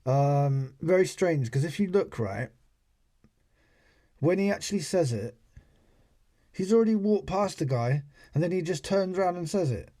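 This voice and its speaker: A man's voice: a little high, expressive, unhurried, pauses often, dark tone. A British man casually commentating over a video clip he plays for viewers, talking in a sarcastic way full of rhetorical questions. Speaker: channel host.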